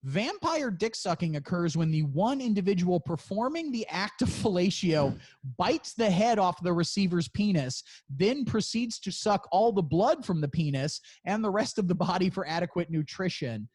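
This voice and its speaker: A man co-hosting a podcast chats casually in a high-sitting, slightly rough voice with a darkish tone, lively intonation, and a moderate pace. He jokes and swears a lot and laughs often.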